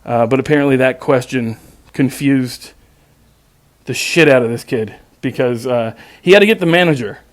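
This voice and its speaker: Brief: male host, middle pitch, dry close mic, sarcastic, profane, stammering restarts. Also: moderate pace, dry recording. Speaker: podcast host. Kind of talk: casual storytelling monologue.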